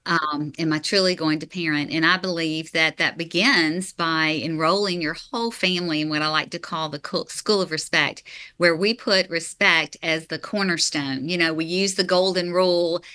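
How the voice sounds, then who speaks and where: Woman, middle-aged, author guest, bright forceful tone, slightly low pitch, earnest explanatory interview talk. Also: fairly even intonation, normal speed, clear, resonant tone. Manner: earnest, explanatory, with light laughs. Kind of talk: interview answers.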